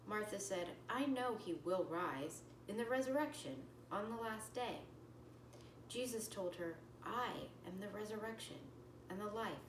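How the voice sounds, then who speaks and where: A woman religion teacher reading scripture aloud slowly and carefully, then explaining it plainly to children with a few fillers. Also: medium pitch, a little hiss or hum. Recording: echoey room, voice from far off the mic.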